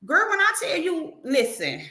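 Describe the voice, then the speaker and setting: A middle-aged woman hosting a livestream tells a story in a casual way, animated and profane, acting out the quotes as she goes. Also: very high voice, normal speed, reverberant. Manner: animated, profane, acts out quotes in her telling. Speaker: livestream host.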